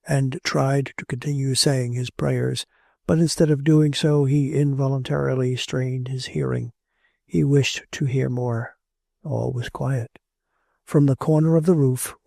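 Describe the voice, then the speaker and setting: A man narrates a classic novel with a deep gravel in his voice and a dark, mellow tone. His delivery is measured and steady, with a dry close sound and a husky grain. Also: no room sound. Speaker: audiobook narrator. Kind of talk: audiobook narration of classic fiction.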